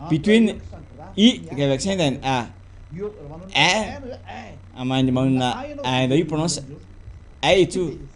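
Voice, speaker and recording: A man preaching a teaching sermon in halting English, full of fillers and repeated words. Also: on the high side, expressive.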